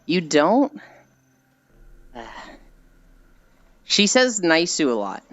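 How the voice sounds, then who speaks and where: A woman's voice: fairly low pitch, sing-song, very slow, no echo, lo-fi sound. Giggly, rambling woman streamer. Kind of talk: casual chat while walking.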